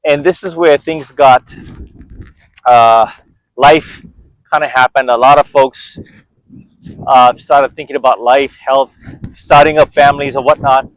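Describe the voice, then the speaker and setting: A man's voice: mid-range voice, steady tone, a little slow, long pauses, dry recording, low-quality recording. A middle-aged man talking casually to camera as a fitness vlogger while walking outdoors, rambling and self-motivating with many restarts.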